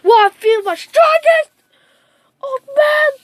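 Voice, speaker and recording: A woman's voice: very high voice, lively intonation, takes it slowly, no room sound, pitched above the performer's own voice, heavily acted. A woman voicing a cocky young ninja boy. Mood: smug.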